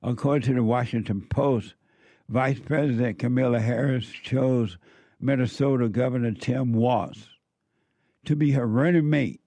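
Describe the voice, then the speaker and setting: A man's voice: mid-range voice, measured pace, warm tone. A man speaks straight to his audience in a mid-range voice, pressing his warnings again and again. His delivery is emphatic and repetitive. The recording is dry and close, with no room echo. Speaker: political commentator. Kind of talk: opinion monologue.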